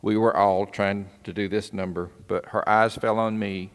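A man's voice: fairly low pitch, flat delivery, moderate pace, clean tone. A man preaching a sermon in a folksy, earnest storytelling way. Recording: long hall reverb.

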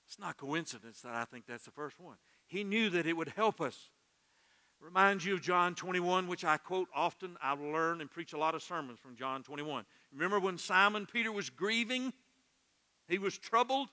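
Bright-voiced man preaching in a reverberant church. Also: high voice, lively intonation, moderate pace. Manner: earnest, emotional preaching with soft dips and loud swells. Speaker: pastor. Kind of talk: sermon. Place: church sanctuary.

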